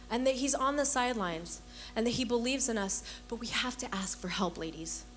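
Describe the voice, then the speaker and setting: Her voice is medium-pitched, with a little background noise behind it. The young adult woman earnestly recounts her personal testimony to a women's church gathering, performing the voices of the people in her stories.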